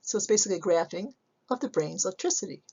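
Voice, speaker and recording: A woman psychology instructor giving a recorded slide lecture, measured and explanatory, often asking rhetorical questions. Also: medium pitch, lively intonation, mellow, breathy edge, highs cut off.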